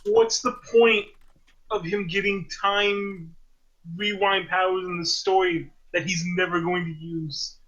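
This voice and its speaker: A man's voice: sits high, fairly even intonation, a little slow, fairly bright tone, highs cut off. A man chatting casually on a stream, blunt and swearing. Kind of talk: casual group chat.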